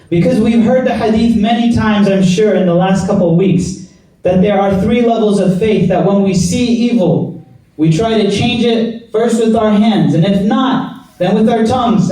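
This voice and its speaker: A man delivers a Friday sermon in a mosque, earnest and exhorting, driving his points home with repeated phrases. His voice sits fairly high with a mellow, soft-edged tone. It rings through a very reverberant prayer hall, picked up from a distance. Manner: earnest, exhorting, rhetorical repetition. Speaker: imam giving Friday sermon. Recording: echoey hall, mic at a distance.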